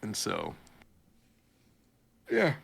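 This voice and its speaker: A young man hosting a podcast, casually recapping a story in a rambling way, laughing as he goes. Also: extremely slow. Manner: rambling, laughs while he tells it. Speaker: podcast host.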